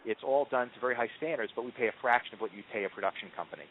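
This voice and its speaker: A man being interviewed as a marketing executive, telling stories in an animated way with frequent ums and restarts. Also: medium pitch, rapid-fire, a little hiss or hum. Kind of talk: conversational interview answers. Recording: tinny phone-line audio.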